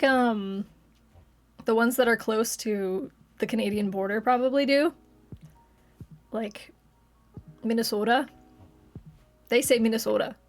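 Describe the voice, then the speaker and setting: A young woman from Texas chatting casually with viewers on a live stream, giggling and laughing often. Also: on the high side.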